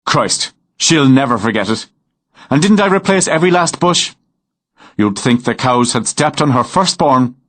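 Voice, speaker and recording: A man's voice: mid-range voice, animated, normal speed, a bit bright, voice pushed up, lightly acted. A man voicing a friendly Irish farmer of about thirty, speaking in an easygoing, teasing West Country brogue.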